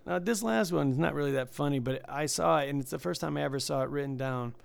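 A man with a heavy gravelly fry chats casually, joking and laughing often. His voice sounds close and dry, with no room around it. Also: fairly high pitch, fast talker, no echo. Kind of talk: casual chat.

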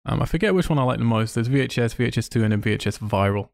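A man co-hosting a podcast in casual chat, enthusiastic and quick, swearing freely. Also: medium pitch, animated, creaky, a little mellow, dry recording, clean studio sound. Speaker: podcast co-host.

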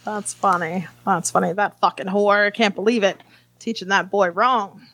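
Crude, deadpan woman comedian. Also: mid-range voice, moderate pace. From California. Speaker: stand-up comedian, guest. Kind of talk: casual podcast chat.

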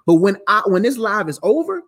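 A man with a high, lively voice teaches scripture on a live stream, loose and slangy, circling back over his own words. He sounds tired but keeps the talk animated, with the pitch swinging up and down. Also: fairly quick. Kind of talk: casual live Bible teaching.

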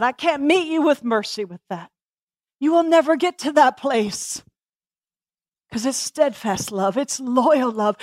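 A woman's voice: high-pitched, dry recording, studio quality. A woman preacher delivering a passionate sermon, repeating phrases and asking the congregation questions.

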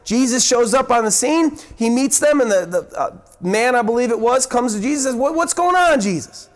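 A man with a high voice preaching an earnest sermon. He teaches from the Bible, often repeating and restarting his words, and shifts his pitch sharply up and down as he acts out the voices in the story. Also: brisk.

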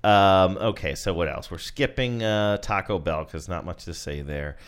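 A man's voice: deep voice, normal speed. A man in his forties co-hosting a podcast, chatting casually with wry, sarcastic asides. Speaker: podcast co-host. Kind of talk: casual chat.

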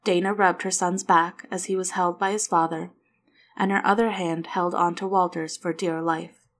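A woman narrating a novel aloud, reading the dialogue softly and without strong character voices. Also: fairly low pitch, level tone, normal speed. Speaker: audiobook narrator. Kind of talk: scripted narration.

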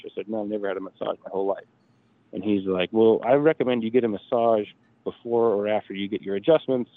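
A man in his thirties tells a long personal story in a casual, animated way, acting out each quoted line. His voice sits low, with no room sound at all. It comes through a narrow, tinny phone-like line. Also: no echo. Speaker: podcast guest, drag racer.

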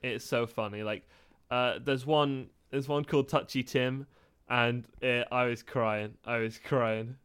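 A man's voice: mid-range voice, steady tone, a little slow, fairly bright tone, clean tone. A young man co-hosting a podcast in casual chat, teasing and laughing often. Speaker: podcast co-host.

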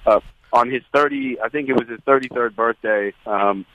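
A man, a guest, telling a story in an excited, rambling way with many restarts. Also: medium pitch, moderate pace, muffled recording, slight background noise. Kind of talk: casual storytelling chat.

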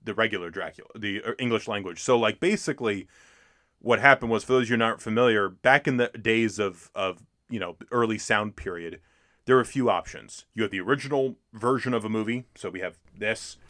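A man's voice: lowish voice, fairly quick, fairly bright tone, no room sound, studio quality. A man co-hosting a podcast, chatting casually about old films with many fillers and restarts. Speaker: podcast co-host. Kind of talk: casual film discussion.

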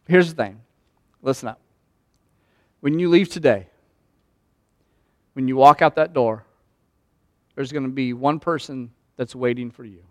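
A man preaching an impassioned Easter sermon as pastor, swinging from hushed talk to shouts. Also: mid-range voice, measured pace, pauses often, no room sound, studio quality. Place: church sanctuary.

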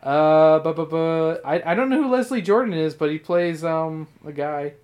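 A man's voice: fairly high pitch, animated, moderate pace, darkish tone. A man hosting a podcast in casual chat, rambling and swearing often, with frequent laughs. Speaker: podcast host.

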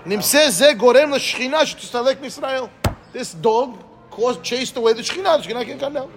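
A man teaching a Talmud class, reading Aramaic and explaining it phrase by phrase in English, often checking with listeners. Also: very high voice. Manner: quick, animated, asks listeners "right?".

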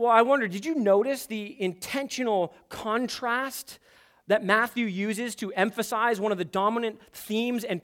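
A man preaching an expository sermon, emphatic and building to forceful peaks. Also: high-pitched. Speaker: pastor.

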